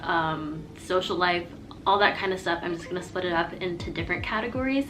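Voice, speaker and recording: A young adult woman, a college student, talking through a casual advice vlog in a chatty, rambling way, often saying "like". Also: on the low side. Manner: chatty and rambling, heavy use of "like".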